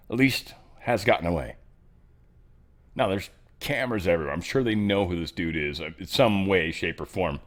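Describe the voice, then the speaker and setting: A man hosting casual news commentary. He rambles and jokes, jumping between loud bursts and low mutters. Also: expressive, moderate pace. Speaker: host.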